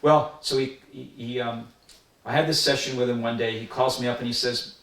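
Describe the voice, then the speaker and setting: A man's voice: medium pitch, steady tone, a little fast, fairly bright tone. An older man earnestly recalling personal experiences in an interview. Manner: earnest, reflective storytelling. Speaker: interviewee recalling a spiritual teacher. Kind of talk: personal reminiscence. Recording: roomy sound from a distant mic.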